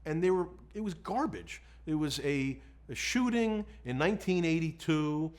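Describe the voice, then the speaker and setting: A middle-aged male defense lawyer looking back on a case in an interview, frank and animated, breaking into laughs as he tells it. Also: on the high side, normal speed. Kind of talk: candid recollection in an interview.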